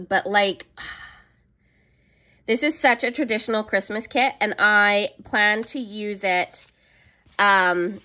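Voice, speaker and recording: Chatty young woman doing a sticker haul vlog, squeals at cute stuff, talks fast and loose. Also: medium pitch, bright, forceful tone. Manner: gushing, chatty, squeals over cute items. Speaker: planner vlogger.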